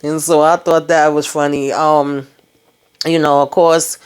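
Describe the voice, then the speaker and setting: A woman's voice: low voice, measured pace, clean tone. A woman giving a casual, slangy spoken recap of a TV episode, retelling scenes and acting out the lines with frequent laughs. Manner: animated slangy retelling, acts out quotes, laughs often. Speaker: TV recap reviewer.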